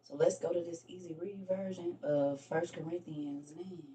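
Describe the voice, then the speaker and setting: A woman's voice: deep voice, steady tone, moderate pace, mellow, a little hiss or hum. A middle-aged woman hosting a casual Bible study livestream, chatty and teasing, laughing often. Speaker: livestream host. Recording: voice from a distance from the mic.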